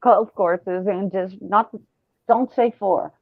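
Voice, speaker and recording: A woman in casual chat, dropping in soft asides between laughs. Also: medium pitch, steady tone, slow, no echo, narrow, tinny audio.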